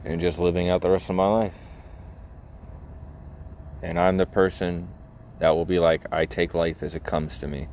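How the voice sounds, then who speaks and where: A man's voice: sits low, little pitch movement, moderate pace, long pauses, a little mellow, slight background noise. A middle-aged man rambling in a blunt, cynical way, full of fillers and the odd curse, as he vlogs from a vehicle. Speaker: vlogger. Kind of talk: casual rambling monologue.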